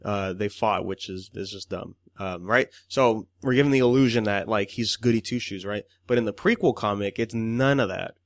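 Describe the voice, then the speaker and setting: A man's voice: fairly low pitch, moderate pace, hardly any pauses, dry recording, clean studio sound. A man co-hosting a podcast in loose casual chat, swearing often and laughing as he quotes people. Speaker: podcast co-host.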